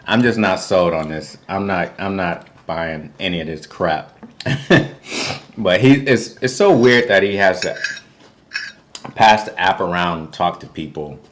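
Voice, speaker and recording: A man with a fairly low voice chats through a TV recap in loose, slangy talk. He keeps jumping into a high voice to mimic the people on the show. Cutlery and dishes clink while he eats. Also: unhurried. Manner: animated, acts out quotes with sudden high voice; informal, slangy. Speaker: co-host of a reality TV recap. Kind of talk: casual recap chat over a meal.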